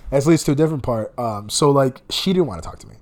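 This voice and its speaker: A young man casually telling a long, rambling, profane story about a rough night. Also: medium pitch, lively intonation, fast. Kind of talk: casual chat.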